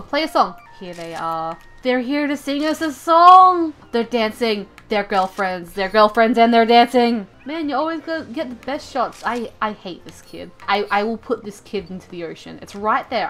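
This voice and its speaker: A woman giving chatty, playful let's play commentary, gasping and squealing at what she sees. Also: medium pitch. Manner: excitable, gasping and squealing at the game; chatty and playful, talking to the creatures on screen. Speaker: gaming video creator.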